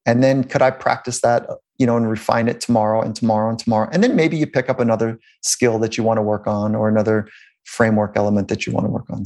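Speaking quickly in a fairly low, steady, somewhat mellow voice, a male sports psychologist recounts stories for an interview. His delivery is loose and rambling, with frequent false starts and chuckles.

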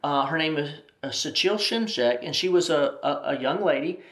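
A man's voice: a little high, expressive, normal speed, a bit bright. A man telling a personal story as an interview guest, animatedly acting out the dialogue. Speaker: ministry president, interview guest. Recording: roomy echo.

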